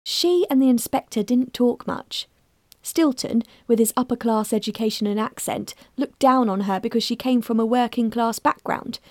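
A woman reads a mystery story aloud in a steady, measured way. Her voice sits fairly high and bright. The recording is dry and close, with no room sound. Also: no echo. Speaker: narrator. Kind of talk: scripted narration.

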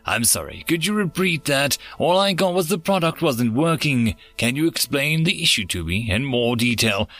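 A man's voice: medium pitch, expressive, normal speed, hardly any pauses, a bit bright, soft background music. A man voicing a chipper male human support-line operator who runs through upbeat call-centre patter. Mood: cheery, scripted.

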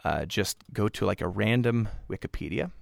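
A man hosting a podcast, playful and quick to laugh. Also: lowish voice, animated, creaky, no room sound. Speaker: podcast host. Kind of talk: casual podcast chat.

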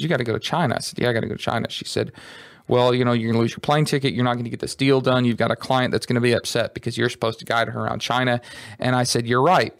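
A man's voice: mid-range voice, no echo, studio quality. Earnest man telling a hard story. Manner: earnest, halting, emotional retelling with many restarts. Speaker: podcast host. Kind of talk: personal storytelling.

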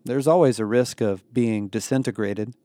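A man voicing a calm, matter-of-fact male alien guide who explains things plainly. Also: mid-range voice, moderate pace, dry recording, lightly acted.

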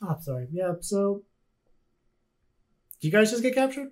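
Upbeat higher-voiced male game master. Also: sing-song, darkish tone. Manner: casual, laughing, quick asides. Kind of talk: narrating a tabletop game.

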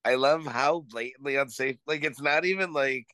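A man chats on a podcast in an animated, sarcastic way, stumbling and restarting as ideas come to him. His voice sits close and dry with mid-range pitch. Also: normal speed, clean tone, no echo. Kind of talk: casual podcast chat.

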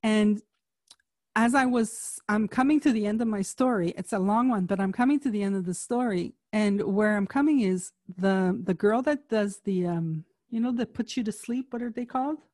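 A woman in casual conversation, telling a personal story in an animated way and acting out the voices of people she quotes. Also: medium pitch, moderate pace, dry recording, studio quality.

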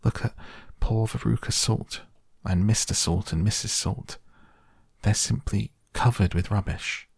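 A man's voice: fairly low pitch, measured pace, creaky, a little mellow, slightly rough, no echo, pitched above the performer's own voice, exaggerated voice. A man voicing an eager, kind young boy who speaks in a wide-eyed, earnest way.

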